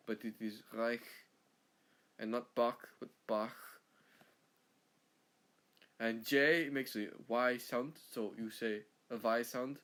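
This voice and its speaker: Man doing a German accent, rambling and deadpan, slow delivery, mid-pitched voice. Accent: German, put on.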